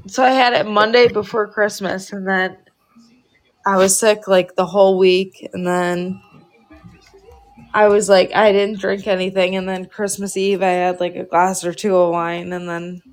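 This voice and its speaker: A woman recovering from the flu, chatting on a casual show. She rambles through her story with lots of "like" and fillers, in a mid-pitched voice. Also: level tone, unhurried. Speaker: guest. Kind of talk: casual chat.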